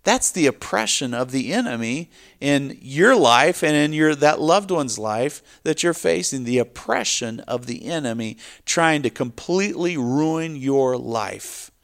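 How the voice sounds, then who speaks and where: A male pastor preaching a sermon. He talks to the congregation directly and stresses his points with sudden rises in pitch and volume. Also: lively intonation, measured pace.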